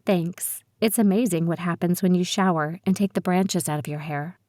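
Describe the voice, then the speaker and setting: A woman's voice: fairly low pitch, moderate pace, darkish tone, no room sound, clean studio sound, lightly acted. A woman voicing a guarded, sarcastic seventeen-year-old girl in an audiobook. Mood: wary. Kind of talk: audiobook character voice.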